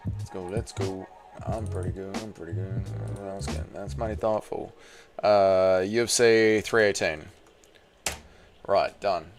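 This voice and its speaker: A man hosting a casual livestream, reading viewer messages aloud with loose banter and muttering to himself while he works the computer. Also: sits low. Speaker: livestream host.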